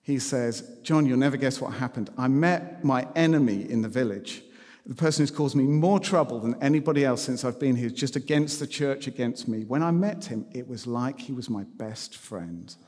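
This sermon features a man recounting personal anecdotes conversationally and with self-deprecating humor. He's a preacher with a mid-range, darkish voice at normal speed, recorded with a long hall reverb.

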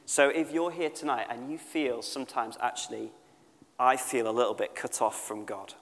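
A man giving a sermon at a church service, talking in an earnest, conversational way and slowing down to stress key points. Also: medium pitch, fairly even intonation, fairly bright tone, in a large hall. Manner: conversational and earnest, slows down for emphasis. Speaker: church speaker. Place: church service with a live band.

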